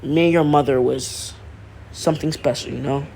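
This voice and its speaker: A man voicing a scheming villain who turns out to be a long-lost father, speaking low and hushed. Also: fairly even intonation, normal speed, creaky, slight background noise, lightly acted. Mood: tender.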